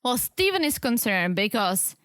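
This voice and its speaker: A woman's voice: a little high, very animated, moderate pace, a bit bright, clear, resonant tone, dry recording. A woman co-hosting a podcast, chatting casually about a reality show and jumping in with comments. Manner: chatty, laughs, jumps in. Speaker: podcast co-host.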